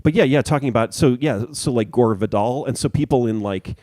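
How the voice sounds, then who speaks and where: A man's voice: medium pitch, a little fast, darkish tone, no echo. A man co-hosting a podcast in casual chat, rambling and restarting as he searches for words. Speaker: podcast co-host.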